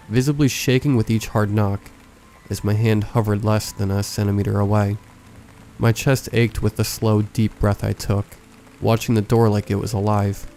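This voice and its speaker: A man reading a horror story aloud as a scripted narration, in a measured, hushed storytelling manner. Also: fairly low pitch, a little hiss or hum. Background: faint background music.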